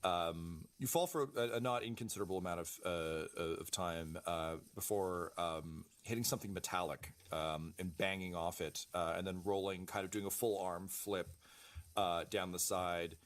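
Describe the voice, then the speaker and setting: A man narrating as game master of a tabletop game, halting often with ums and uhs and casually swearing. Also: low-pitched.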